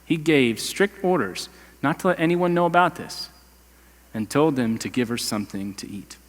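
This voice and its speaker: A man's voice: fairly high pitch, animated, moderate pace, big-room sound. A male pastor preaching a sermon in a conversational, emphatic way, with casual slang. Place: church sanctuary.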